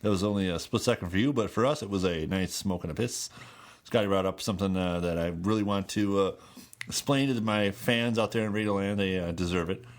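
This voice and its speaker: A man's voice: fairly low pitch, brisk. A man co-hosting a casual podcast chat, telling rambling, profane stories with lots of energy in a home studio. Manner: rambling, profane, animated storyteller. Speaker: podcast co-host.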